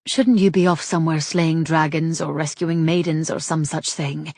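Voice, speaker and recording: A woman voicing a proper young lady in an audiobook, speaking crisply and in a businesslike way. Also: deep voice, fairly even intonation, normal speed, darkish tone, no echo, clean studio sound. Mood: brisk. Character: brisk, proper young lady, sharp-tongued. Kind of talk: audiobook character voice.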